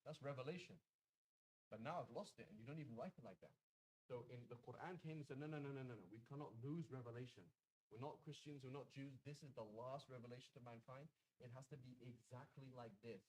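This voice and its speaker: A man's voice: mid-range voice, fairly quick, low-quality recording. A British man teaching a Quranic Arabic class in a conversational way, often checking in with "right?". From Britain.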